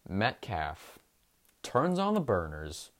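A young man hosting a sports podcast, recapping games in an enthusiastic, emphatic way with drawn-out stresses. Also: fairly low pitch, huge pitch swings, a little hiss or hum.

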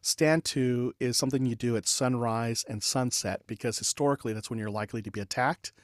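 Animated storytelling man, dry sound. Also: mid-range voice, fairly quick, dry recording. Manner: animated anecdote telling with laughs and filler words. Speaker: podcast guest, leadership consultant. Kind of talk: conversational storytelling.

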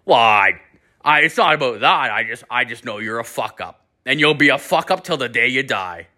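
A man's voice: mid-range voice, expressive, moderate pace, pushed and bright. A man putting on the voice of his mocking, dismissive drunk father. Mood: gruff.

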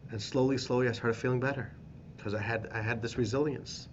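Animated rabbi telling a story. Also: male voice, medium pitch, fairly quick, dull audio, slight background noise. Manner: animated storyteller, repeats phrases for emphasis. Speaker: rabbi teaching a class. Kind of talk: storytelling lesson.

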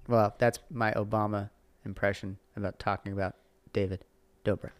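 A middle-aged man hosting a casual podcast as a father, talking in an animated, rambling way full of fillers and restarts. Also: lowish voice, normal speed, no room sound.

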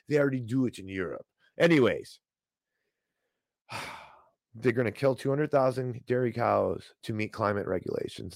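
Man, livestream host, sarcastic, ranting, mid pitch, dry close sound. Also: no echo, poor audio. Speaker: online show host. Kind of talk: livestream commentary.

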